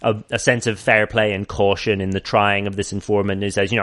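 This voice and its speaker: Low-voiced man chatting and laughing. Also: steady tone, brisk, few pauses, a bit bright. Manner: rambling, sweary, laughing often. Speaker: podcast host. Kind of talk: casual podcast chat explaining a film.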